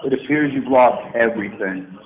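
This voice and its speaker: Over a tinny phone line with faint hiss, a middle-aged man with a mid-range voice rambles angrily at normal speed in a message. The rant is profane and mocking, erratic, with sarcastic swings.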